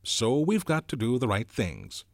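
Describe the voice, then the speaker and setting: A man's voice: medium pitch, huge pitch swings, measured pace, gravelly, no room sound, clean studio sound, voice pushed up, heavily acted. A man voicing a bossy, contemptuous schoolboy leader in a novel reading, with a harsh, scornful manner. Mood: proud.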